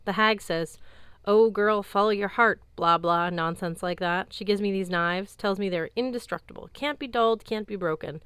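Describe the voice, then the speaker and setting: A woman's voice: medium pitch, moderate pace, hardly any pauses, a bit bright, smooth, dry recording, lightly acted. A woman reading an audiobook, voicing a fierce, bitter young woman warrior in a brusque, sardonic tone. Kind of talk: audiobook character voice.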